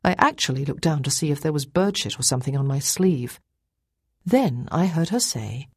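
Low husky woman narrating an audiobook. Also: animated, normal speed, dry recording, clean studio sound. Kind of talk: scripted first-person narration.

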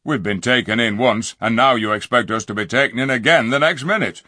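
A black-bearded dwarf, surly and full of scorn, jeering in a rough, common way, as a man puts him on. The voice sits a little above the reader's own and pushes louder, with a husky grain in a dry, close recording. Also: medium pitch, fairly quick, no room sound, pitched above the performer's own voice. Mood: sneering. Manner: gruff, jeering, working-class speech.

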